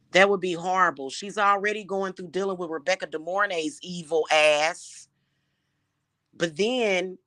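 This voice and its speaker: A woman's voice: fairly low pitch, bright, forceful tone, no echo, studio quality. A woman giving blunt love advice in a casual monologue, emphatic and swearing freely.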